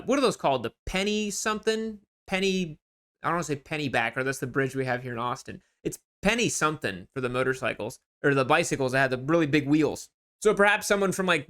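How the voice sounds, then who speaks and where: A man hosting a motorcycle channel, giving casual, sarcastic and animated commentary as he mocks online sale listings. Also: a little high.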